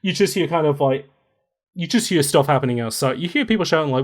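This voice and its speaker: A man's voice: fairly high pitch, lively intonation, fast. A man narrating as game master of a tabletop role-playing game, playful and laughing often.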